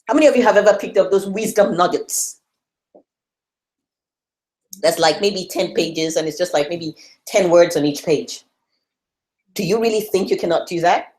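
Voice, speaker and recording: A West African woman with a lowish, darkish voice gives an encouraging motivational talk to a room at a church learning session. She fires rhetorical questions at her listeners.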